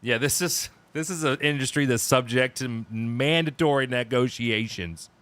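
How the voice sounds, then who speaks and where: Rambling bright-voiced man. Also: mid-range voice, normal speed. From United States. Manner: rambling, hesitant, many fillers and restarts. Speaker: band member co-hosting a stream chat. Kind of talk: casual chat.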